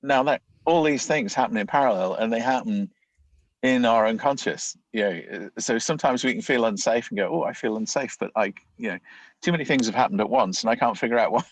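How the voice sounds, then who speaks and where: A man's voice: medium pitch, brisk, no room sound, poor audio. A man, a leadership coach, explaining ideas in a conversational interview, often acting out inner thoughts as quoted voices.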